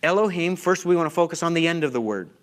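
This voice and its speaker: A man's voice: a little high, lively intonation, fast. A man giving a conference lecture, emphatic and full of questions to the audience. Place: conference hall.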